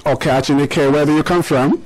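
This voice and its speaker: A middle-aged man hosting a radio show, quick to praise his young guests and ask them to repeat things. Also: a little high, fairly even intonation, rough recording. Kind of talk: radio interview with schoolchildren.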